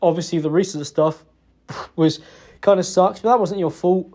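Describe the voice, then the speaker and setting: A young man giving a halting, self-reproachful personal apology, emotional and close to tears, hesitating with many fillers. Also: high-pitched, mellow. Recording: dull lo-fi recording.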